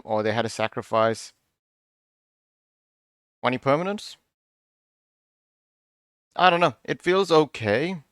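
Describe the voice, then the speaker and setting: Low-voiced man musing over cards. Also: no room sound, clean studio sound. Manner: musing, half-sarcastic, self-interrupting. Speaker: card review channel host. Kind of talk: casual card review commentary.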